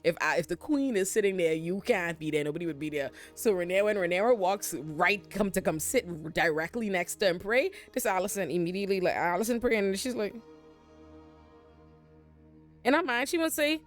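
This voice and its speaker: A woman retelling a drama episode as a comedic recap, animated, slangy and profane. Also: lowish voice, brisk, hardly any pauses, soft background music. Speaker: show recap commentator.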